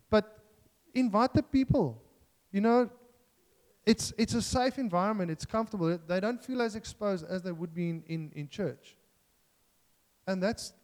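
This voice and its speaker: A man's voice: high voice, darkish tone, big-room sound. A man preaching a sermon in an earnest, self-deprecating way, joking and restarting as he talks.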